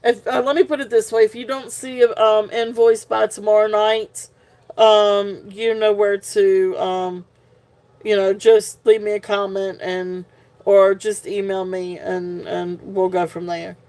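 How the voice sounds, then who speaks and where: A woman's voice: mid-range voice, little pitch movement, measured pace, a little mellow. A woman hosting a live jewelry sale in casual chat, tired and punch drunk, giggling often as she talks. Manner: giggly, laughs often while talking.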